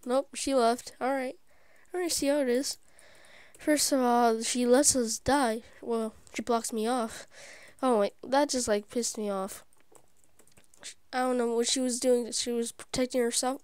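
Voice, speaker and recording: A woman hosting her gaming channel, giving live gameplay commentary; excitable and easily frustrated, she often drops into whispered asides. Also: on the high side, smooth, no echo. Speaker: YouTube gaming channel host.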